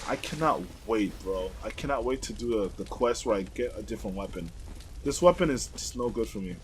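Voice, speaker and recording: A young man hosting a let's play, giving rambling, excitable gameplay commentary and swearing freely. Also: on the low side, slight background noise.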